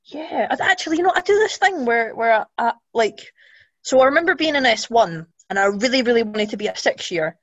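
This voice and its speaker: A woman's voice: fairly high pitch, expressive, fairly quick, a bit bright, dry recording. Young Scottish woman guest, chatty and rambling, dry muffled recording. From Scotland. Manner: chatty, rambling, many restarts. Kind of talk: casual chat.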